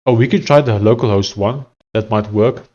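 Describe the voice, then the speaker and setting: A South African software developer streamer gives casual live-coding commentary in a lowish, mellow voice at a moderate pace, with the highs cut off. He thinks aloud hesitantly as he codes, often restarting sentences.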